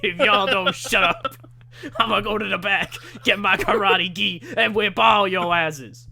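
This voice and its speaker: A man putting on the voice of a brash, boastful wrestling champion, talking loud and swaggering. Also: high-pitched, unhurried, vocal fry, voice pushed up, heavily acted. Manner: loud, swaggering trash talk.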